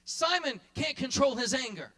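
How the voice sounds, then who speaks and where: A male pastor preaching a sermon in church, repeating his phrases and building to shouts, then dropping into quick quiet asides. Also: very high voice, lively intonation. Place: church sanctuary.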